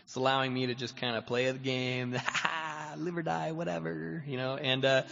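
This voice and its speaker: A man shares his recovery story as a guest speaker, rambling and self-mocking, leaning on "you know" between every thought. His voice is bright and forceful. The recording is dull and lo-fi, with a long reverb from the meeting hall. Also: mid-range voice, steady tone, moderate pace, creaky. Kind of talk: personal recovery testimony.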